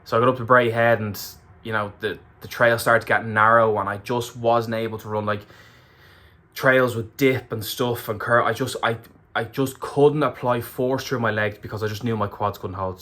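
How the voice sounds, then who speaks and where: A man's voice: fairly low pitch, steady tone, moderate pace, fairly bright tone. An Irish man recapping a race to camera in a candid, emotional way, swearing freely. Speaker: ultramarathon runner vlogger.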